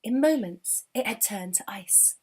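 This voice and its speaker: A woman's voice: mid-range voice, animated, a little slow, darkish tone, breathy edge. Woman reading a children's story expressively. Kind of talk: children's storybook read-aloud.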